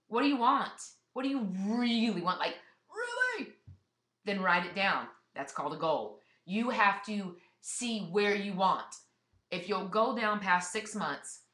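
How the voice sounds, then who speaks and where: Woman coach, emphatic motivational speaker, bright forceful voice, recorded in an echoey room. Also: fairly low pitch. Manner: blunt, emphatic pep talk. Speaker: fitness business coach. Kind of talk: motivational webinar talk.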